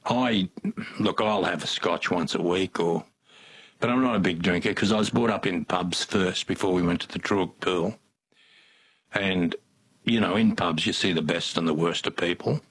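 This is an older man with an Australian accent, spinning folksy, rambling yarns in an interview. His voice sits a little low and has a husky edge, and he doubles back and restarts his sentences as he goes. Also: normal speed, a bit bright. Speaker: interview guest. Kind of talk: casual storytelling.

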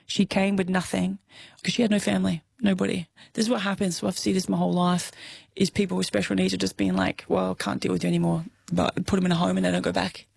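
A woman's voice: fairly low pitch, level tone, fast talker, vocal fry, darkish tone, breathy edge, no room sound. A woman in her thirties with an Australian accent, an interview guest talking frankly and emotionally, laughing often and swearing casually. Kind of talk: candid conversational interview.

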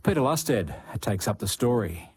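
A man reading radio news bulletins in a measured scripted way. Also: fairly low pitch, very animated, a little mellow, husky. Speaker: news presenter.

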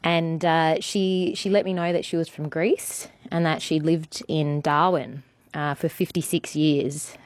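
A woman's voice: low-pitched, fairly even intonation, unhurried, dry recording. A woman telling a personal story on a radio show, rambling with lots of ums and you-knows. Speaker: radio contributor.

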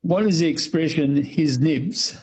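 Husky caller on a muffled phone. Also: male voice, fairly high pitch, darkish tone. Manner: halting, repeating words as he starts. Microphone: mobile phone.

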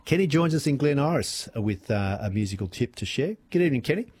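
A man's voice: medium pitch, expressive, quick pace, a little mellow, slight background noise. An Australian man hosting talkback radio, chatty and hesitant, with lots of fillers. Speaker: radio host.

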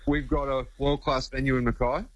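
A man's voice: mid-range voice, flat delivery, fairly quick, muffled recording. An Australian man, a local official, giving an upbeat statement full of civic pride.

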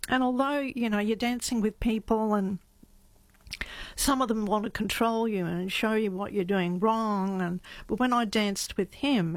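A woman's voice: medium pitch, no room sound. A woman guest on a radio show, telling a personal story in a reflective, slightly emotional way. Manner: warm, reflective, gets a little emotional.

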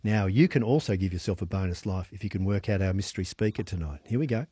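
A man's voice: sits low, fast, mellow, breathy edge, no echo. A man hosting a radio quiz, chatty and upbeat, often laughing.

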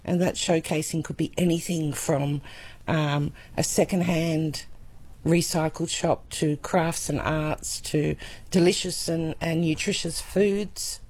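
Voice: mid-range voice, fairly even intonation, slow pace, darkish tone. A market organiser speaking earnestly in a radio interview, with many hesitations.

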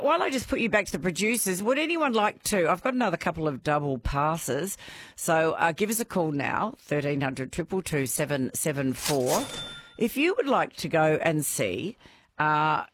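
A woman hosting a radio quiz, bubbly and quick to laugh. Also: sits low. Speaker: radio host.

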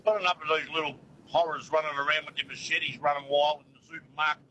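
A man's voice: fairly high pitch, level tone, quick pace, pushed and bright, slight background noise, poor audio. A man with an Australian accent calling a talkback show from the road, blunt and grumbling with firm opinions. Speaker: radio caller. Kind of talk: talkback call. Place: on the road, in a vehicle.

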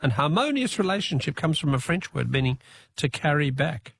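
A man's voice: fairly high pitch, very animated, a little fast, vocal fry, a bit bright, slight background noise. A man hosting a talkback radio quiz, joking, punning and spelling out answers.

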